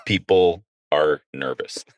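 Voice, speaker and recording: A middle-aged man, a comedian guest on a podcast, telling stories in an animated, self-mocking way. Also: very deep voice, slow pace, dry recording, clean studio sound. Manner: animated, self-mocking storyteller who acts out quotes and laughs often. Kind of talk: casual storytelling chat.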